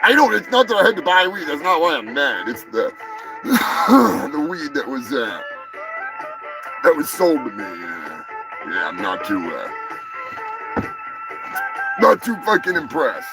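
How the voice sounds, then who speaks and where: A man hosting a live stream, rambling crude jokes and shouting greetings to chatters. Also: fairly high pitch, very animated, a little slow, long pauses, rough recording. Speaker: live show host. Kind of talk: crude casual livestream banter. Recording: music playing behind the voice.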